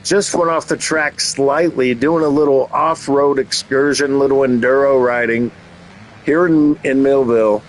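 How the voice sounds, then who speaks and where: Here the race commentator, who also hosts the channel, speaks at a measured pace with a steady, medium-pitched tone. He keeps things playful, teasing and joking between race calls, though the recording is rough.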